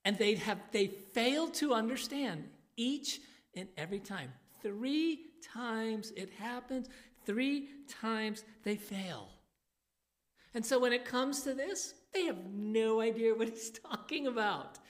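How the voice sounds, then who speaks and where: A woman preaching a sermon in a church on a handheld microphone, slow and emphatic, turning animated when she voices the people in the passage. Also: on the high side.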